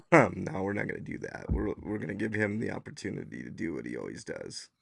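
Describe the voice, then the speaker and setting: A man with a low, gravelly voice hosts a casual podcast stream, audibly hoarse as if his voice is going. He rambles loosely, leaning on fillers. The sound is dry and close, with no room around it. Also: wildly swooping pitch, normal speed, pushed and bright, no echo. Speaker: podcast host. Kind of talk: casual livestream chat.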